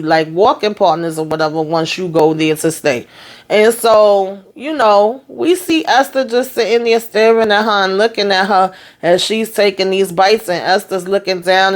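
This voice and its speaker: A woman vlogger recapping a TV episode in casual chat, retelling scenes in quoted dialogue with sassy asides. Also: on the low side.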